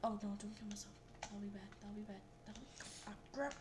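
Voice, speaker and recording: A young woman reacting excitedly and repeating herself as she plays a game and talks through it. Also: medium pitch, brisk, slight background noise. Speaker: gameplay video host.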